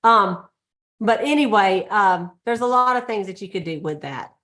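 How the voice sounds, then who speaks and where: A woman's voice: medium pitch, lively intonation, moderate pace, sharp tone. Chatty woman leading a meeting. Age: middle-aged or older. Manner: chatty, laughing, acts out little scenes. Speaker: sales director leading a team meeting. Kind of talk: casual motivational talk.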